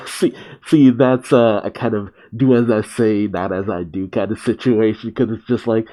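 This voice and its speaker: A man's voice: lowish voice, fairly even intonation, normal speed, dark tone. A man hosting a reaction video, chatting casually and laughing often as he riffs on what he watches.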